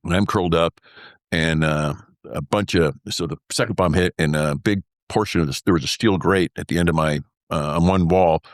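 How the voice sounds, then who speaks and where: An older man with a low, deep voice tells a long story in an interview. He rambles and fills gaps with "uh" and "anyway", and acts out the lines other people said. The sound is dry and close. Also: normal speed, dry recording. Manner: rambling, full of fillers like "uh" and "anyway"; acts out remembered dialogue. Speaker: former military pilot telling his story as guest.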